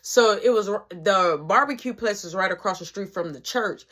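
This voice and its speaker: A woman's voice: medium pitch, normal speed, fairly bright tone. A woman telling a personal story in casual, slangy, profane narration.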